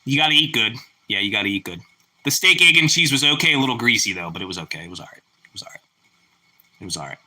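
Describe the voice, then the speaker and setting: A young man hosting a casual live chat with viewers, relaxed and chatty, breaking into loud whoops of delight. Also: on the low side, fast talker. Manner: relaxed, chatty, exclaims "woo" over food. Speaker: livestream host.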